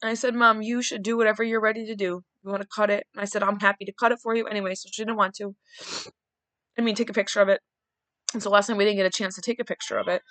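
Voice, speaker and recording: A middle-aged woman hosting a podcast, telling personal family stories in an animated way, quoting others and laughing often. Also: medium pitch, fast, dry recording. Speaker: podcast host. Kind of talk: personal storytelling.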